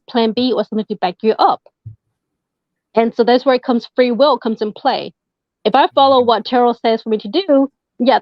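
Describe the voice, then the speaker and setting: Speaking as a podcast guest, a woman who reads tarot is casual but hesitant, leaning heavily on fillers in the interview chat. Her voice is a little high, captured in a dull, dry, lo-fi recording.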